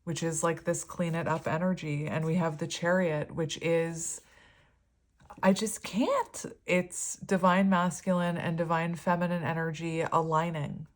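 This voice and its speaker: Rambling woman reading tarot, lowish voice. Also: little pitch movement, moderate pace, hardly any pauses. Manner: rambling, filler-heavy, easily moved. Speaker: tarot reader. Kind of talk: casual tarot reading chat.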